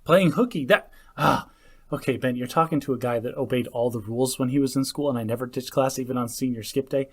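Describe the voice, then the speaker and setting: A man from Arizona co-hosting a podcast in casual chat, halting and restarting as he jokes. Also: medium pitch. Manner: halting, self-interrupting, joking. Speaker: podcast co-host.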